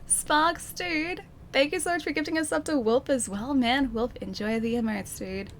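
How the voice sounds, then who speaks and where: A woman's voice: high voice, moderate pace, slight background noise. Chatty Australian woman streaming a game. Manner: chatty, reads out and thanks chat, many fillers. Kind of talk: casual live-stream chat while gaming. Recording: game music playing behind.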